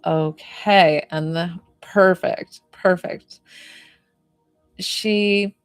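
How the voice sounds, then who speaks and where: A woman's voice: on the low side, fairly even intonation, extremely slow, clear, resonant tone, no room sound, clean studio sound, faint music behind. A woman giving a spiritual medium reading in an effusive, emotional way with many fillers.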